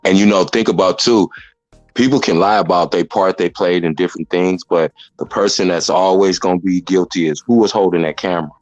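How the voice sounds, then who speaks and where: A man's voice: sits low, fairly even intonation, fairly quick, darkish tone, no echo, dull audio, faint music behind. A man hosting a casual commentary chat, blunt and rambling as he explains things at length. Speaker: commentary host.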